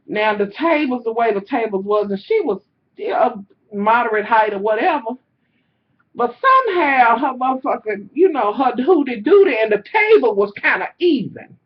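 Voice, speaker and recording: A woman vlogger telling a story to her viewers in a casual, animated, profane way, talking straight at them. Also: medium pitch, husky, highs cut off.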